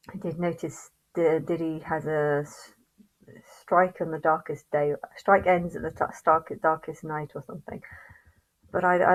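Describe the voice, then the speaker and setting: Lower-voiced woman ranting angrily. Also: low-quality recording. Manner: angry, swearing, halting with restarts. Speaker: vlogger. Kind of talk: ranting monologue to camera.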